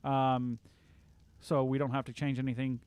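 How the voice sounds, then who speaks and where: A man's voice: mid-range voice, little pitch movement, moderate pace, darkish tone, smooth. A man chatting casually on a live game stream, rambling with lots of fillers.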